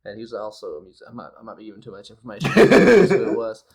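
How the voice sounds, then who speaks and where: A man's voice: fairly low pitch, very animated, creaky. A man telling an embarrassing story casually, laughing as he talks. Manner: laughs through his story, quickening as he goes. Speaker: panel member.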